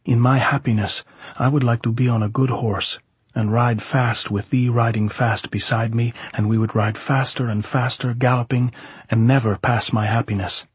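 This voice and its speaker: A man's voice: mid-range voice, little pitch movement, normal speed, breathy edge, no room sound. A man reading as an adoring young woman. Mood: eager. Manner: earnest, soft, old-fashioned speech.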